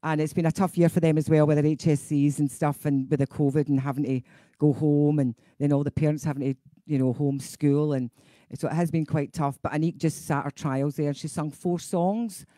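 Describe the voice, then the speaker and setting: A woman's voice: low-pitched, fairly even intonation, a little fast, mellow, no echo. Chatty Scottish woman, dry sound. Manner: chatty, laughing, goes off on tangents. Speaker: singing teacher hosting a live session. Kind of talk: casual live-stream chat.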